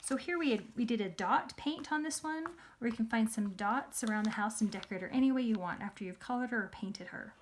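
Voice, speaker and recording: Casting: upbeat preschool teacher, a woman, high and sing-song, coaxing the kids along. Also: a little fast, few pauses, slight background noise. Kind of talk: lesson for young children.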